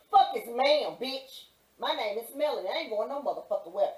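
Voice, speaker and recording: A woman with a Mississippi Southern accent telling a loud, profane story as a pastor's partner on his show. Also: on the high side, quick pace, far from the mic. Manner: brash, cussing, animated retelling. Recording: echoey room, off-mic.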